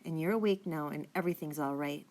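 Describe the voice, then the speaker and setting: A woman reading the part of a calm father gently reassuring his son at night. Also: sits low, quick pace, a little hiss or hum, natural voice. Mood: soothing. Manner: gentle, soothing, thoughtful.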